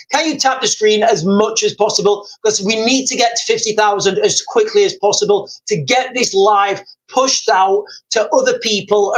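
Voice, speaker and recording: On poor audio, a high-voiced man running a live stream rambles repetitively, reading viewers' comments and addressing them directly.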